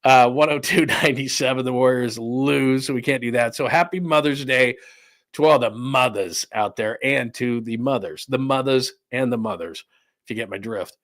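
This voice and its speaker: A man's voice: mid-range voice, normal speed, fairly bright tone, dry recording, clean studio sound. A middle-aged man hosting a sports podcast from home, chatting casually in a loose, rambling way, a little out of breath. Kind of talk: casual live-stream chat. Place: room at home under renovation.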